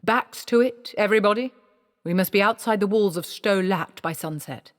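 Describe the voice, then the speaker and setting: A woman's voice: mid-range voice, moderate pace, pitched above the performer's own voice, lightly acted. A woman voicing a jovial male actor-manager, with a hearty, theatrical delivery in a long-reverb hall recording. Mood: commanding.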